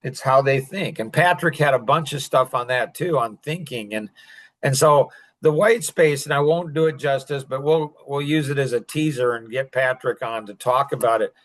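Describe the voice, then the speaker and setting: A man's voice: medium pitch, moderate pace, a bit bright. A man hosting a podcast in a casual, rambling chat, chuckling often and saying "like" a lot. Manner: rambling, chuckling, heavy use of "like". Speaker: podcast host.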